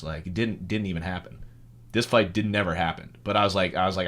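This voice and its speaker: Fast-talking young man telling stories. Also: low-pitched. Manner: animated storyteller, swears a lot. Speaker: podcast host. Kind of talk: casual podcast chat.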